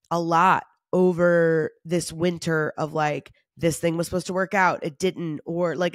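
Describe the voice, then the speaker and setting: A woman's voice: lowish voice, no echo, studio quality. Tired, candid woman podcasting solo. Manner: candid, confessional, with casual laughs and swearing. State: tired and run down. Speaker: podcast host.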